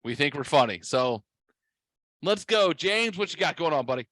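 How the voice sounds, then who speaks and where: Animated swearing podcast co-host, man. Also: on the high side, normal speed, no room sound. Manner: animated, interrupts, swears, mock-incredulous. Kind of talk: casual podcast banter.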